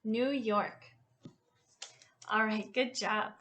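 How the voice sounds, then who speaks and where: A woman tutor teaching a language lesson over a headset mic, repeating each word slowly for her learners. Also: a little high, steady tone, a bit bright. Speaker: Spanish tutor. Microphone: USB headset.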